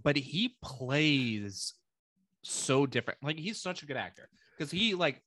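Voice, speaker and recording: A man's voice: on the high side, big pitch swings, a little slow, a bit bright, no echo. A young man in casual movie chat, laid-back with jokey asides.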